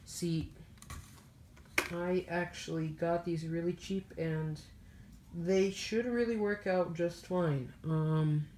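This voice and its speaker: Low-voiced chatty woman. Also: steady tone, slow, warm tone, slight background noise. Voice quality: slurred speech. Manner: chatty, addresses viewers as guys. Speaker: PC builder vlogger. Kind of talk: casual build walkthrough.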